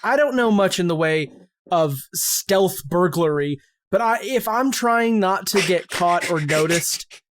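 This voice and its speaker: A man's voice: high-pitched, lively intonation, measured pace, a bit bright. A man co-hosting a comedic podcast, joking around and going off on playful mock-serious rants. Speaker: podcast co-host. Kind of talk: casual comedic podcast chat.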